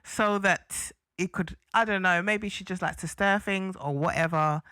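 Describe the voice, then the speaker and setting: A woman co-hosting a podcast in casual chat, expressive, laughing often and acting out quotes. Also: mid-range voice, moderate pace, clean tone, no room sound, clean studio sound. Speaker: podcast co-host.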